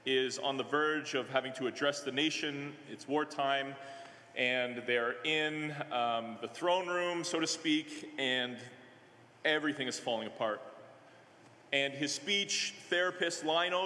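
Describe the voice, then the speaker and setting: A male minister preaching a sermon in a conversational way, halting often with fillers and restarts. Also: mid-range voice, bright, forceful tone. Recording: echoey hall with long reverb.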